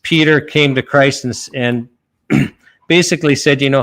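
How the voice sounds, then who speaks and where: Male lawyer guest from Canada, mid-pitched, earnest and conversational, full of restarts and fillers. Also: moderate pace, fairly bright tone. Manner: earnest, retells a parable with many restarts and fillers. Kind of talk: conversational podcast talk.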